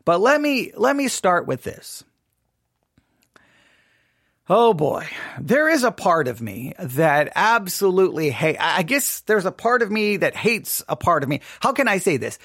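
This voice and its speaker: Texas-raised male Christian commentator, high-pitched, dead-dry mic sound, candid and lively, acts out quotes. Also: measured pace, breathy edge, no room sound. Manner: candid, animated storytelling with acted-out quotes. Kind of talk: casual spoken monologue. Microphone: studio microphone.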